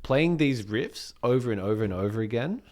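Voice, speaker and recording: An Australian man co-hosting a casual music chat, thinking aloud in a meandering way with many pauses and ums. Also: medium pitch, expressive, darkish tone. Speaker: podcast co-host.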